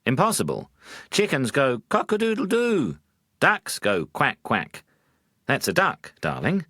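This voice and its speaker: A man's voice: mid-range voice, very animated, brisk, fairly bright tone, no echo, clean studio sound, pitched above the performer's own voice. A man voicing an irritable young newlywed husband in a storybook tale, blustering with impatience. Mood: irritated. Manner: exasperated, blustering.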